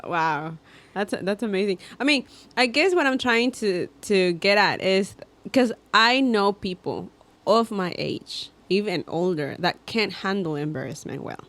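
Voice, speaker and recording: A woman's voice: medium pitch, lively intonation, measured pace, fairly bright tone. A woman co-hosting a podcast in casual chat, listening, chiming in with support and laughing along. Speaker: podcast co-host.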